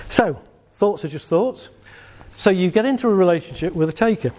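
A middle-aged man speaks casually to a live audience, his voice mellow and a little higher than most men's. He is chatty and jokey, often laughing at his own anecdotes. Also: expressive, moderate pace. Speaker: speaker giving a talk on assertiveness.

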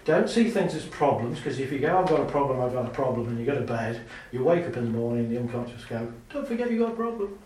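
A man giving a talk to a live audience, lively and chatty, laughing often and acting out little scenes. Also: mid-range voice, fast, hardly any pauses, far from the mic, a little hiss or hum. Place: large hall with an audience. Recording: very echoey hall, speaker off mic.

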